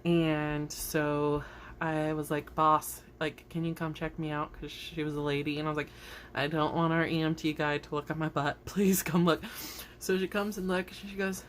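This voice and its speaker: Young woman vlogging to her cam, low voice, rambly and giggly, says like a lot. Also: level tone, moderate pace, a little hiss or hum. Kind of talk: casual storytelling vlog. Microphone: camera facing her, seen on video.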